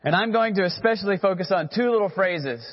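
A man's voice: sits high, fast, in a large hall, highs cut off. A man preaching a sermon as pastor, earnest and direct, who has the congregation repeat phrases after him.

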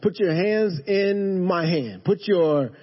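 A male pastor preaching a sermon in a church, moving from hushed emphasis to emphatic calls to his congregation. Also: sits high, expressive, slow, dull audio. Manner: dynamic preaching, drops to a hush then rises to emphatic calls; addresses the congregation directly. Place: church sanctuary.

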